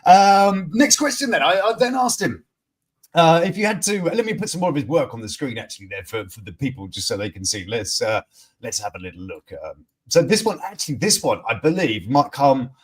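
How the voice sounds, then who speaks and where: A man's voice: fairly high pitch, very animated, brisk, husky. Rambling man hosting a quirky news stream. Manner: rambling, many fillers and restarts, chuckling. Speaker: host. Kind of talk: casual live-stream chat.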